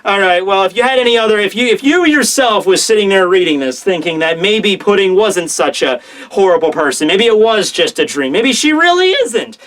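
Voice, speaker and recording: A young man casually reviewing a comic chapter, excitable and profane, acting out the characters' lines. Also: sits high, fairly quick. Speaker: manga reviewer.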